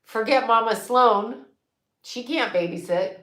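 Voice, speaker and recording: Woman host, 60s, bright and forceful, candid and salty, livestream chat in an echoey room. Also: fairly high pitch, a little slow. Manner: candid, swears freely, laughs often. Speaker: psychic and astrologer livestream host. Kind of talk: casual livestream chat reading comments.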